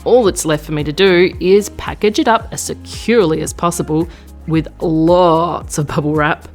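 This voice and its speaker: A woman's voice: sits low, moderate pace, soft background music. A woman with an Australian accent, narrating her craft vlog in a gushing, effusive way as the channel's host. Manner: gushing, effusive and warm-hearted.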